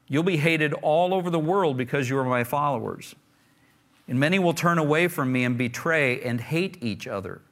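Reading scripture aloud during a sermon, a pastor then explains it conversationally and emphatically, often repeating words for stress. His voice is a little high with a fairly bright tone.

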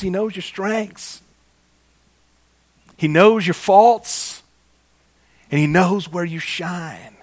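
A man preaching a sermon, slow and emphatic, repeating key phrases and calling his listeners "guys". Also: high voice, no echo.

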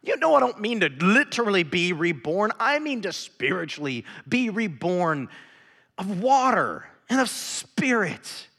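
Impassioned pastor swinging from shouts to whispers. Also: male voice, sits high, very animated, unhurried. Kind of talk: sermon. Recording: reverberant hall.

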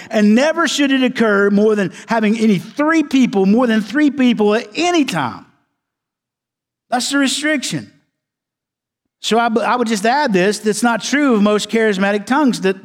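A man preaching a sermon as pastor, emphatic and repeating key words, sometimes dropping to quiet low tones for stress. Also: long reverb tail.

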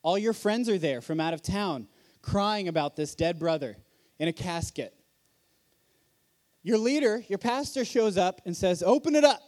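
A man's voice: high voice, lively intonation, measured pace, darkish tone. A man giving a sermon at a conference in a hall, preaching earnestly in a conversational way and asking rhetorical questions. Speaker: conference speaker.

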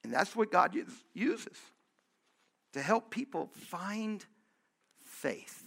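A pastor preaching a sermon, earnest and conversational, repeating phrases for emphasis. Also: male voice, high-pitched, very animated, slow pace, vocal fry, fairly bright tone.

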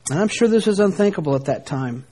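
A middle-aged American man preaching a sermon, dropping to hushed lines and rising for emphasis. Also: high-pitched, lively intonation, fast talker. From United States. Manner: preaching, shifting between soft hushed lines and emphatic rises. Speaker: pastor.

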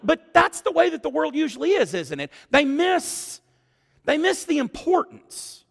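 A man preaching a sermon as pastor, animated and exclamatory, acting out what people say. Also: very high-pitched, unhurried, vocal fry. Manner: animated, exclamatory, acts out quotes. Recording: long church-hall reverb.

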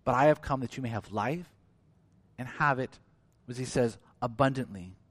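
A male pastor delivering a sermon at a middle pitch, jumping from soft low asides to loud, high acted-out lines. The sound is dry and close, with no room echo. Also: moderate pace, breathy edge. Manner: animated, acts out quoted voices with big swings in pitch and loudness.

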